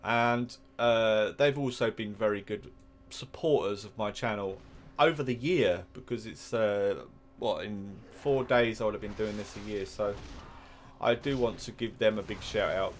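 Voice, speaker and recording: A man's voice: fairly low pitch, a little slow. A man with an English accent giving casual, rambling commentary while playing a game, drifting into chatty asides. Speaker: gaming YouTuber.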